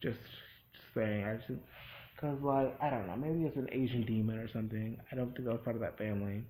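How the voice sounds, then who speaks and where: A man giving a casual, rambling spoken recap of a TV episode, with many restarts and quick acted-out quotes. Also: mid-range voice, dark tone, a little hiss or hum, poor audio.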